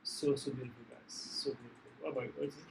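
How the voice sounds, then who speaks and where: A man hosting a reaction video, excitedly praising what he watched. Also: mid-range voice, rapid-fire, creaky, noisy background. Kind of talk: casual reaction chat.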